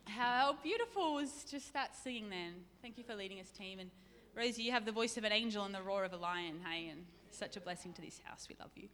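A woman's voice: medium pitch, brisk, fairly bright tone. Chatty woman preaching. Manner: chatty, self-deprecating, laughs often. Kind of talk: sermon. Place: church. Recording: reverberant church hall.

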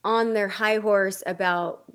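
Excitable, loud-laughing woman podcast host. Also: medium pitch, slow, smooth. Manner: excitable, swears freely, laughs often. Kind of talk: casual chat.

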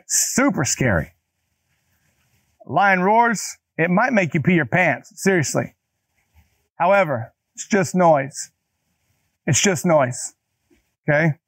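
A man's voice: on the high side, no room sound. A man preaching a conversational sermon, talking straight to his listeners and repeating key phrases for emphasis. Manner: casual, talks directly to listeners. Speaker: pastor.

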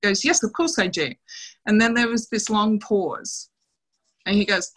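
A middle-aged woman, a former dancer, telling lively anecdotes in an interview. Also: medium pitch, moderate pace, low-quality recording. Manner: animated anecdotes, quoting others with laughs. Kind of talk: casual storytelling interview.

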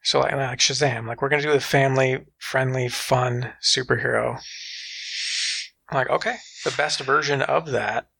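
Gravelly, bright-voiced man riffing on movies. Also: mid-range voice, normal speed. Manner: animated, profane, acts out quoted reactions. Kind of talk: casual film discussion.

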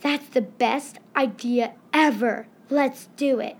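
A girl squeaking as a jittery little mouse. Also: takes it slowly, husky, exaggerated voice. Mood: excited. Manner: squeaky, anxious.

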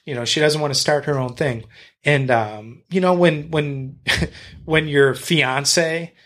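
A man's voice: on the high side, takes it slowly, fairly bright tone. A man being interviewed on a podcast as a real estate agent and investor, talking in a blunt, rambling, enthusiastic way and swearing freely.

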